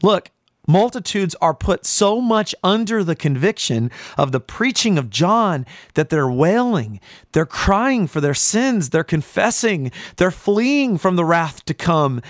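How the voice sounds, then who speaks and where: A man's voice: fairly high pitch, very animated, slow pace, no room sound, clean studio sound. A man preaching a sermon in a fiery, emphatic way, with sudden rises in force.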